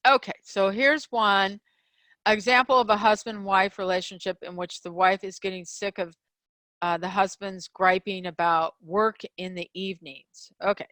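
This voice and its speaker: A middle-aged woman hosting a relationship show, teaching communication skills in a casual, animated way, with many fillers and restarts. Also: mid-range voice, normal speed, no echo. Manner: animated, acts out quoted examples in a raised voice; frequent fillers and restarts, laughs between points. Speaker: podcast host and relationship coach.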